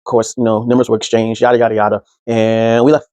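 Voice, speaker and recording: A man's voice: mid-range voice, fast talker, dry recording. A man telling a casual personal story as a podcast host, loose and conversational, acting out the people he quotes. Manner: animated, acts out quoted speech in others' voices; loose and conversational, full of fillers.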